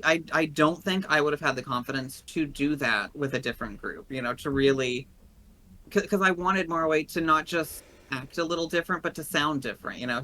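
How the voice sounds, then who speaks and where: A man's voice: a little high, sharp tone, poor audio. Earnest man with a Tennessee accent. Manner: earnest, rambling, openly emotional. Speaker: guest player. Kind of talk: casual podcast chat.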